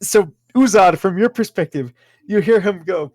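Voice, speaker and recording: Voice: mid-range voice, moderate pace, darkish tone, dry recording. A game master narrating a tabletop game, rambling with many fillers and frequent giggles.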